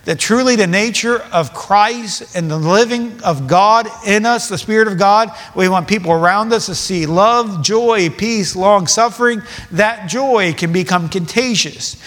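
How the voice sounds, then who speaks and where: Man, pastor, casual sermon, slightly high voice, reverberant hall. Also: unhurried, hardly any pauses, fairly bright tone. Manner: conversational preaching with asides and self-corrections.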